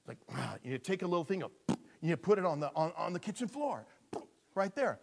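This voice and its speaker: A male pastor preaching a sermon in an animated storytelling manner, dropping to a hush and rising to shouts. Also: sits high, moderate pace, creaky.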